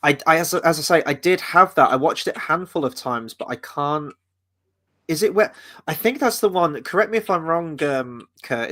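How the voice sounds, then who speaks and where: A man's voice: on the high side, pushed and bright. A man co-hosting a casual film podcast, chuckling as he reads viewer comments aloud. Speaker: podcast co-host reading live chat. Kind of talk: casual chat.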